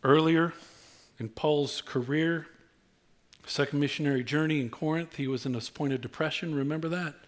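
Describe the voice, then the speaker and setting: A man preaches from scripture with a fairly high voice. He moves from quiet, intimate stretches to loud, excited bursts as he acts out the stories. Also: moderate pace. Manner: animated, swings between low intimate tones and high excited outbursts. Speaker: pastor. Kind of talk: sermon.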